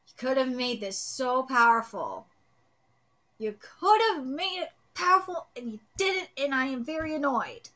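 A woman in her thirties reacting live to a manga chapter and reading it aloud, excitable and ranting, swearing freely when annoyed. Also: high-pitched, unhurried.

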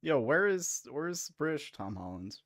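A man's voice: a little high, sing-song, moderate pace, slight background noise. A man hosting a live-streamed comedy talk show, sounding playful and exasperated. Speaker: host.

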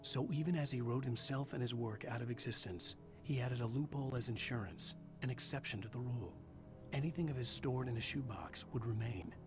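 A brooding male novelist narrates a dark video game in a measured storytelling voice, as an actor plays him. His words come at an even, steady pace. Loud music plays under the narration. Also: mid-range voice, natural voice. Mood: grim.

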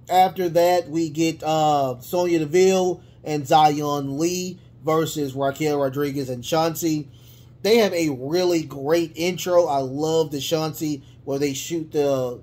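A man talking through a wrestling recap in loose, casual speech. His voice sits a little higher than most men's. He rambles, stumbles over restarts and fills gaps with "uh" and "um", then lights up with excitement. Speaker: wrestling show reviewer.

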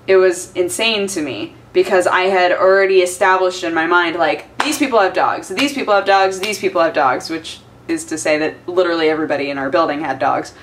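A woman chatting casually in a home vlog, often slipping into high-pitched baby talk with her cats. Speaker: vlogger. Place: home, indoors.

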